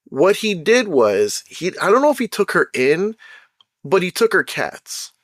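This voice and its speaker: A man tells a story from his own life in a relaxed, streetwise way, dropping "bro" and "right?" all through it. His voice sits a little high and bounces around with lots of expression. He is recorded close and dry, with no room sound around him. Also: measured pace, no echo. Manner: slangy and animated, keeps saying "bro" and "right?". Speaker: podcast host telling a personal story. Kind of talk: casual storytelling monologue.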